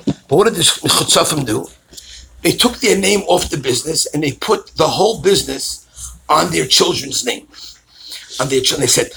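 A rabbi with a high, gravelly voice preaches by telling stories, acting out each voice in them. He swings between his own voice and those of the people in his tales. A faint hiss sits under the recording. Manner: animated storytelling, acts out callers' voices. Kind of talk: storytelling sermon.

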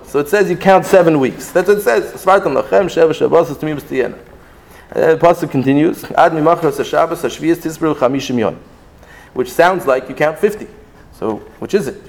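A man teaching a Talmudic lesson, reading Hebrew texts aloud and explaining them in an animated, sing-song way with many restarts. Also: a little high, vocal fry. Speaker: Torah teacher. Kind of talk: Talmudic lecture.

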